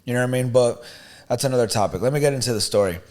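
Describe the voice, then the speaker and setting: A man co-hosting a podcast, telling a story in a casual, animated, slangy way. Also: mid-range voice, rapid-fire. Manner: animated, slangy, "you know what I mean", "bro". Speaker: podcast co-host.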